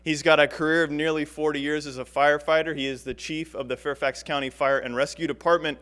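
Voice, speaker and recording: A man speaks quickly and emphatically from a podium, with a slightly higher voice for a man. He sounds eager and punchy, and he leans on repeated words for stress. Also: level tone, a bit bright. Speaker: telecom executive speaking at a press event. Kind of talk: public speech at a podium.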